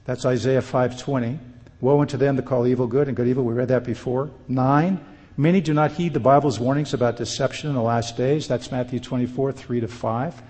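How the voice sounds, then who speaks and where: A man's voice: mid-range voice, steady tone, a little fast, dark tone. Male preacher, earnest warning sermon, scripture quotes, hall reverb.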